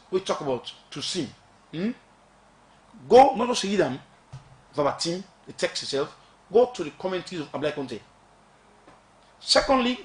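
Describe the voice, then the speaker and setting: A man's voice: on the high side, fairly bright tone, roomy sound. A man from Sierra Leone with a Sierra Leonean accent, talking on the radio as a lawmaker, emphatic and full of rhetorical questions, slipping into Krio phrases. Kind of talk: radio talk.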